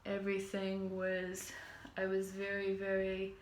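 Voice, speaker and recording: A woman's voice: mid-range voice, completely flat delivery, unhurried, slight background noise. A young woman from New Zealand, a vlogger telling a personal story in casual talk, full of fillers and restarts. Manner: rambling, many fillers and restarts. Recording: roomy echoey room.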